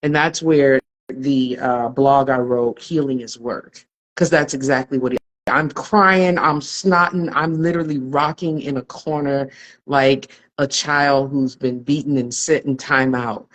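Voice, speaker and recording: A woman's voice: extremely low pitch, fairly even intonation, measured pace, rough recording. Woman, podcast guest, earnest, reflective, open storytelling. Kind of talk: candid personal storytelling.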